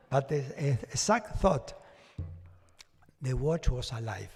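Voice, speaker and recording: Guy telling a lively story to a crowd, a bit high, lots of hall reverb. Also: moderate pace. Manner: animated storytelling with chuckles and acted-out quotes. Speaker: devotee giving a testimony. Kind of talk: personal storytelling talk to an audience. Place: large devotional hall.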